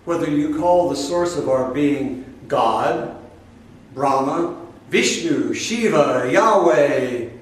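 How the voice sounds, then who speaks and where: A fairly high-voiced man preaches as a spiritual teacher, pressing his points home with emphatic repetition and direct questions to the room. His voice rings with heavy echo and sits well back from the microphone, as if recorded from afar in a large hall. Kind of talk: sermon to a live audience. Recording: very echoey room from a distance.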